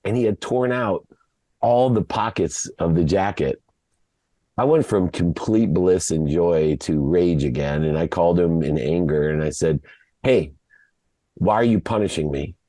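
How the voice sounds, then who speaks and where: A man from Ohio, a podcast guest, telling a personal story in an emotional, halting way, often repeating words. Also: low-pitched, warm tone, no room sound. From Ohio, USA.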